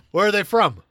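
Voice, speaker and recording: Animated, jokey male podcaster. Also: very high voice, husky, dry recording, studio quality. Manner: animated, jokey, laughs often. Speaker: podcast co-host. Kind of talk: casual chat about a film.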